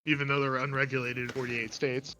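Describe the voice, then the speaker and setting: A man's voice: mid-range voice, little pitch movement, brisk, sharp tone, slight background noise. A man in casual podcast banter, cracking jokes and laughing often.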